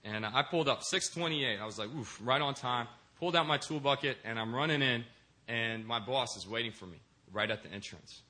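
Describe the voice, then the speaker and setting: A man's voice: medium pitch, a little fast, bright, forceful tone. A young man, a deacon, preaching a sermon in a church and telling stories with acted-out voices. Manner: storytelling, acts out quoted voices. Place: church in Korea.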